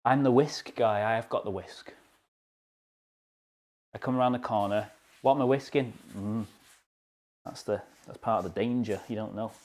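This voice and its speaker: A man's voice: lowish voice, normal speed, pauses often, darkish tone. A young British man streaming live from his home kitchen, chatting casually and joking at his own expense while he bakes. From United Kingdom. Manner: chatty, joking, self-deprecating.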